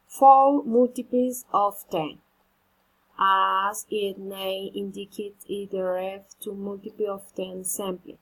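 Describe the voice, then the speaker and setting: Slow, husky woman drilling word stress. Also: medium pitch, fairly even intonation, poor audio. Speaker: English pronunciation teacher.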